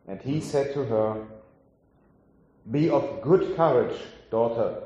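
Man, preacher, slow solemn sermon, heavy echo of a big hall. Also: mid-range voice, mellow, muffled recording. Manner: slow, solemn delivery with drawn-out phrases. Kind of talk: scripture reading and sermon. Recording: very echoey hall.

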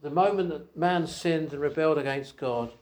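A man preaching an evangelistic sermon, asking rhetorical questions and swinging between quiet asides and raised emphasis. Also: on the high side, moderate pace. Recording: echoey hall.

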